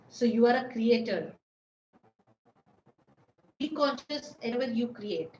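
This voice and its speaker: A woman's voice: high voice, echoey room, a little hiss or hum, rough recording. A woman hosting a parenting webinar, answering viewers' questions in an earnest, instructive way. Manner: earnest, instructive, speaks directly to expectant mothers. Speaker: prenatal parenting webinar host.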